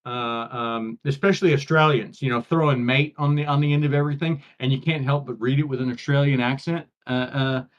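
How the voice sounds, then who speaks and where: A man's voice: mid-range voice, fairly even intonation, brisk, hardly any pauses. A man, co-hosting a casual chat and rambling through restarts and fillers. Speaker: podcast co-host. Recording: dull lo-fi audio.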